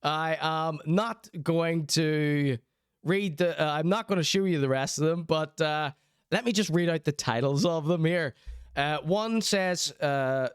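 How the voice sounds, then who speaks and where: High, smooth-voiced man teasing. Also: takes it slowly, no room sound, studio quality. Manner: laughs mid-sentence, teasing. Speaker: host. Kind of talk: casual mocking commentary.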